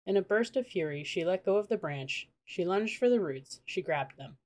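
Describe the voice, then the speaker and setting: A woman reading a children's storybook aloud in a steady storytelling manner. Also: on the low side, normal speed. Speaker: audiobook narrator.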